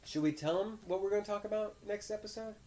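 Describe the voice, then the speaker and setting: A man hosting a casual chat with his young son, telling stories in an animated way and laughing often. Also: sits high, fast. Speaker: podcast host and father.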